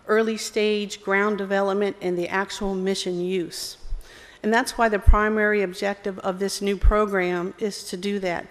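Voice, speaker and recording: A woman with a Southern US accent, a program executive giving a friendly, self-deprecating conference presentation with some fillers. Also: mid-range voice. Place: conference hall. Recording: long hall reverb.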